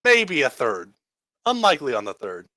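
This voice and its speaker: Animated man running a tabletop game. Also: medium pitch, normal speed, dry recording, clean studio sound. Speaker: game master.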